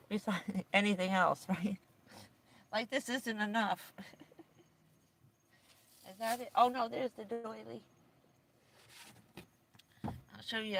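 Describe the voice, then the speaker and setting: This is a chatty woman giving a laid-back livestream tour of her camper van. She speaks at an unhurried pace in a mid-range voice and rambles, filling gaps with "um" and "you know.". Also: mid-range voice, vocal fry, fairly bright tone, a little hiss or hum. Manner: rambling, chatty, giggly, with many fillers. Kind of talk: casual livestream chat. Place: inside a small camper van.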